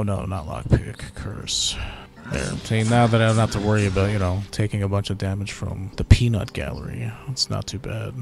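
A man hosting casual gameplay commentary, relaxed and chatty as he thinks aloud while playing. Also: on the low side, creaky, noisy background. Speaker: gaming channel host.

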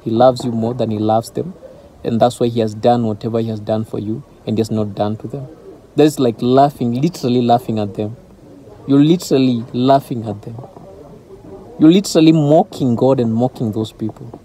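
A man's voice: mid-range voice, fairly even intonation, moderate pace, warm tone, a little hiss or hum. A man giving an informal devotional talk as a Christian teacher, earnest and driving his points home through repetition.

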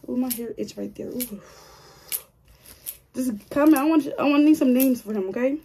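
A woman's voice: high-pitched, moderate pace, warm tone, breathy edge. A woman chatting casually to her viewers while doing her own hair, joking and grumbling to herself as she goes. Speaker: hair vlogger.

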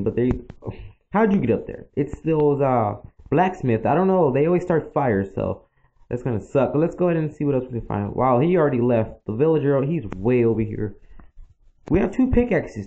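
A man's voice: mid-range voice, dark tone. A man chatting his way through a game, rambling and addressing his viewers as he goes. The sound is dull and lo-fi, with faint noise underneath. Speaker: gaming channel host. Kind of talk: casual game commentary.

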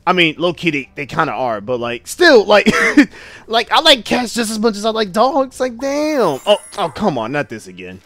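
A man's voice: high voice, wildly swooping pitch, normal speed, a bit bright, no room sound, faint music behind. A young man hosting game commentary, brash, profane and mocking as he plays. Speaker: gaming channel host.

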